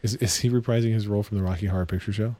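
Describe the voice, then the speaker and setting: A man joining a casual movie commentary as a guest, making deadpan puns on a close mic. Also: on the low side, racing, no room sound. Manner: deadpan punning jokes.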